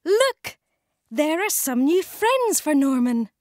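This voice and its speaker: A woman voicing a bright little girl who is cheery, giggly and matter-of-fact. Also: sits high, very animated, slow pace, no room sound, studio quality, voice pushed up, exaggerated voice. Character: bright, bossy-but-kind little girl.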